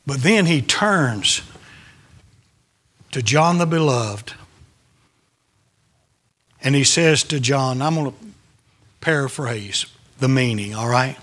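Slow, emphatic male preacher. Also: mid-range voice, animated, fairly bright tone. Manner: emphatic preaching, dropping to whispers at times. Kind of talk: sermon.

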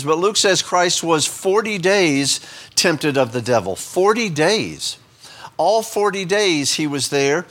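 A man's voice: a little high, fairly bright tone. Rambling man preaching a sermon. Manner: rambling, self-deprecating asides. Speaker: pastor.

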